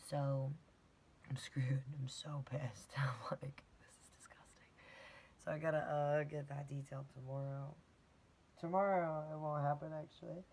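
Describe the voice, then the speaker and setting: A young woman chats through her day in a loose, rambling vlog, swearing freely and often sinking into a whisper. Her voice sits low, with a gravelly fry. A faint hiss runs behind her. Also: a little mellow, poor audio. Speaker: vlogger and fitness instructor. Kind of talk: casual daily recap vlog.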